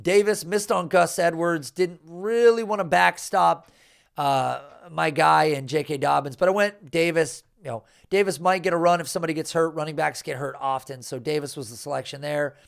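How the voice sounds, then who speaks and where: A man recapping a fantasy football draft in an animated, exasperated rant, swearing often and jumping up in pitch. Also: moderate pace, creaky.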